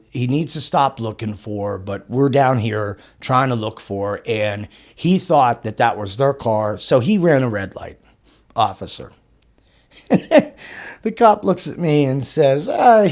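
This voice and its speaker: Excitable man telling a wild story. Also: medium pitch, slow. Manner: excitable, swears often, laughs mid-sentence, acts out dialogue. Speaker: podcast guest. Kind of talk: animated storytelling.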